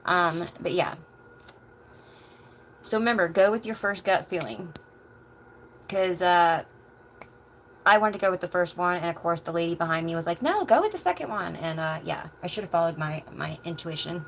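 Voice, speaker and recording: A woman chatting casually on a livestream as a tarot reader, meandering with soft asides. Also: lowish voice, fairly even intonation, moderate pace, long pauses, a little hiss or hum, rough recording.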